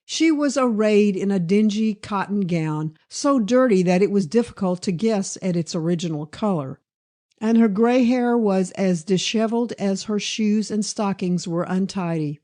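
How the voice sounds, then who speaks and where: A woman narrating a classic crime novel in a measured, even storytelling manner. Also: medium pitch. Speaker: audiobook narrator. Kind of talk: scripted narration.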